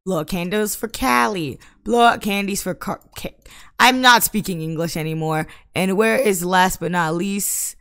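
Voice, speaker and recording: A woman giving casual Let's Play commentary, exasperated and bursting into loud outbursts at the game. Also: medium pitch, normal speed. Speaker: gaming YouTuber.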